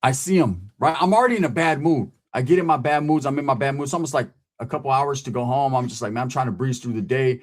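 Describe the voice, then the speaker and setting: Man, middle-aged, profane casual storyteller, tosses in "right?" often, mid-pitched voice. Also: quick pace, few pauses. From California. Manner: profane, animated, keeps asking "right?".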